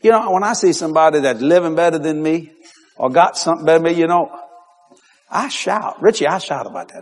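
A man's voice: a little high, brisk, breathy edge. A man with a Cajun accent, preaching humorously through childhood stories and laughing as he tells them.

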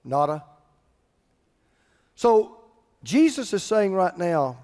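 A man preaching a sermon as pastor, animated, swinging between loud passages and hushed ones. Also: sits high, moderate pace. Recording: hall reverb.

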